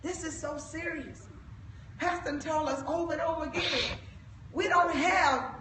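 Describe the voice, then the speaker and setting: A woman evangelist, exhorting the young people of her church, fervent and at times shouting. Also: sits high, a little slow, slight background noise. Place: church sanctuary. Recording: echoey church, mic from a distance.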